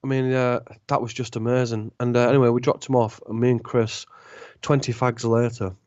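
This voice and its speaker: A man's voice: mid-range voice, brisk, clean tone, no room sound. Rambling man telling a story, lo-fi. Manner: rambling, animated retelling with acted-out dialogue. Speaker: podcast guest, former club DJ. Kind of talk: casual storytelling. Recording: dull lo-fi podcast audio.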